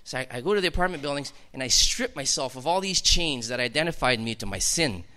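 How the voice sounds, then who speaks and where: A man's voice: mid-range voice, expressive, fast talker, pushed and bright. A man telling his personal testimony to a congregation in an emphatic, storytelling way that builds to fervent outbursts. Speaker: testimony speaker.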